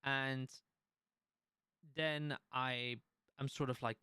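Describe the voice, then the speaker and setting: A man's voice: medium pitch, steady tone, slow, pauses often, pushed and bright, smooth, dry recording, clean studio sound. A man streaming, chatting casually about his experiences, with many restarts and the odd swear word. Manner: conversational, restarts and swears while telling a story.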